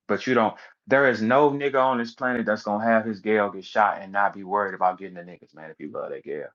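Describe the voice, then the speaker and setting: A man's voice: on the low side, highs cut off. A man giving a casual, emphatic rant as a commentator, repeating words and acting out the people he quotes. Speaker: battle rap commentator.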